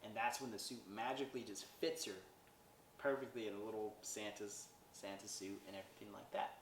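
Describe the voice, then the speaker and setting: A man with a slightly low voice talks through a film's plot in a loose, rambling way, often adding "like" and asking "right?". He sounds set back from the mic in a room with a lot of echo. A faint hum of ambience sits underneath. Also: steady tone, fairly quick, recorded from a distance. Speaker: podcast host reviewing a movie. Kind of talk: casual plot recap.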